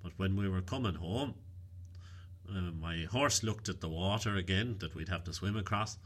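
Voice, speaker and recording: A man voicing a deadpan countrywoman. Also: sits low, moderate pace. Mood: tall-tale telling. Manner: calm, matter-of-fact, deadpan exaggeration. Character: shrewd unflappable Irish countrywoman, tall-tale teller.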